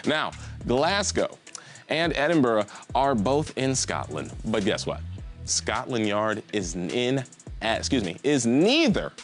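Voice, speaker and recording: Animated joking man hosting trivia. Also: mid-range voice. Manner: jokey, animated, goofy asides. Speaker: trivia game host. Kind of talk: live mobile trivia hosting.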